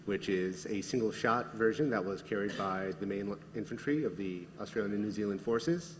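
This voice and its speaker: A man's voice: on the low side, a little fast. A man, a game developer, presenting new features on a convention panel in an upbeat way. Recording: echoey hall with faint background noise.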